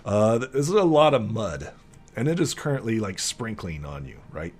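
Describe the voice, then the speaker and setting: Young male game master, lowish voice, rambling casual narration. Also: very animated, moderate pace, over music. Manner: rambling, heavy with fillers.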